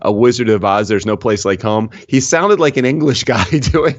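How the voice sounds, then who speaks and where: A man's voice: fairly low pitch, lively intonation, no room sound. A man co-hosting a podcast, chatting loosely and laughing between stop-start sentences. His voice comes through a little dull, with a dry, close sound. He keeps tripping over restarts. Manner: laughs often, halting restarts. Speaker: podcast co-host. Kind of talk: casual chat.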